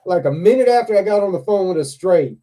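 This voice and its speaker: Dark-voiced man telling a wild story. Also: high voice, fast talker. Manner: laughs often, swears freely, animated retelling. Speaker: live stream host. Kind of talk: casual storytelling chat.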